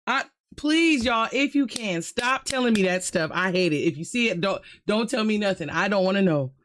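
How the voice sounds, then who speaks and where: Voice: mid-range voice, lively intonation, moderate pace, slight background noise. A host reacting to scary videos in casual, slangy commentary, shrieking and talking straight to viewers. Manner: loud, exclamatory and slangy, full of shrieks and asides to viewers.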